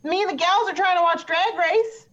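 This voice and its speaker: A woman playing a trial witness in improvised tabletop role-play pitches her voice very high, above her natural range, sounding a bit bright at a moderate pace. The character is chatty and petty, rambling with fillers and getting defensive. The audio is dull lo-fi.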